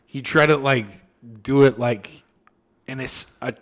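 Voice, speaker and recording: A man's voice: mid-range voice, steady tone, measured pace, a bit bright. A young man co-hosting a casual podcast chat, loose and profane, full of fillers. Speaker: podcast co-host.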